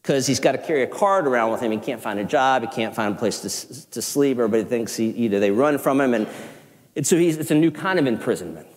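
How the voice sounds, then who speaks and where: A man with a Southern accent, a pastor preaching a sermon in an animated, conversational way with self-deprecating asides. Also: medium pitch, quick pace. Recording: long hall reverb.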